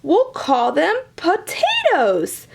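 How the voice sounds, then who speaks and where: A woman voicing a small, forgetful male leprechaun who cries out gleefully in a very high voice. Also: huge pitch swings, slow, creaky, full character voice.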